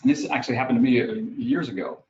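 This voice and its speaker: A man from New York with a New York accent, a guest speaker telling lively stories in a webinar talk. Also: fast talker, slight background noise. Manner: lively storytelling, acts out scenes with rising pitch. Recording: roomy, dull lo-fi audio with faint ambience.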